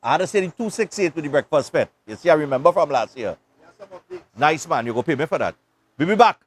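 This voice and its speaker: A Trinidadian man with a fairly high voice hosts a live morning show. He rambles through a casual story in thick island dialect, chatting loosely between segments. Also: lively intonation, quick pace, slight background noise. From Trinidad and Tobago. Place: beach club.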